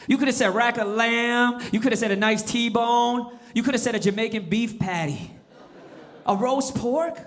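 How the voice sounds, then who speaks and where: Animated, high-voiced stand-up comic. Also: male voice, moderate pace. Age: 40s. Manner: animated, switches into impressions. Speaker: stand-up comedian. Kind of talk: stand-up comedy set.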